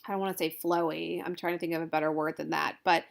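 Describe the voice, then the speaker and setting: A woman's voice: sits low, flat delivery, fast talker, creaky. A woman college instructor giving a recorded lecture, informal and thinking aloud as she goes.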